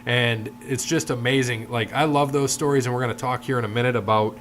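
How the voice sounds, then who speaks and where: A man of middle pitch co-hosting a casual chat podcast. He talks in long rambling runs and slips into quoted voices as he retells stories. A faint hum sits under the recording. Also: steady tone, a little fast, a bit bright. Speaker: podcast co-host.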